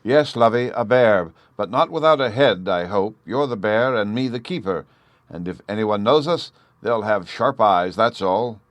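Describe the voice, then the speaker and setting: A man's voice: lowish voice, measured pace, no echo, close to an everyday voice. A man reading an audiobook, voicing a testy, scornful husband who snaps and sneers. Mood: bossy. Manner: snappish and scornful.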